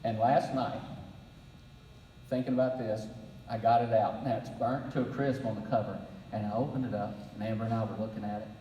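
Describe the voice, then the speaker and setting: A man's voice: fairly low pitch, fairly even intonation, brisk, dull audio, slight background noise. A middle-aged man giving a faith-based leadership talk at a breakfast, telling folksy stories with dry humor. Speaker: breakfast speaker. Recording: roomy hall, distant mic.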